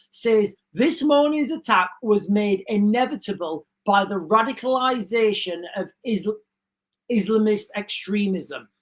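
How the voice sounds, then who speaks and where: A woman hosting a live stream, reading breaking news aloud and stopping to give her own opinions to viewers. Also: mid-range voice. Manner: reads breaking news aloud with chatty asides; talks straight to viewers, often says "guys". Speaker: livestream host. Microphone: streaming setup mic.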